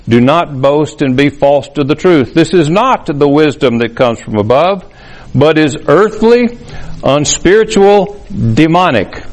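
A man preaching a sermon, explaining scripture in a measured, teaching way. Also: on the high side, poor audio. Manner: measured, explanatory, reads scripture aloud with emphasis. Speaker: pastor.

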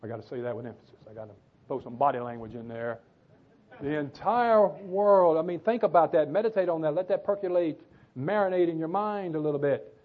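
A man's voice: fairly high pitch, a little fast. A man preaching a sermon, reading scripture and repeating phrases for emphasis. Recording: tinny phone-like sound.

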